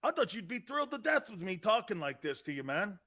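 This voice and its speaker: A man hosting a sports talk show, ranting with mock excitement and sarcasm and breaking into shouts. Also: high-pitched, brisk. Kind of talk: sports talk radio rant.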